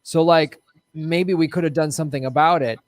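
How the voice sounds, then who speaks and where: A man's voice: fairly high pitch, steady tone, normal speed, dry recording. A man co-hosting a casual political comedy chat, playful and chatty, often laughing. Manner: playful, laughing, slips into joke accents. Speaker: co-host.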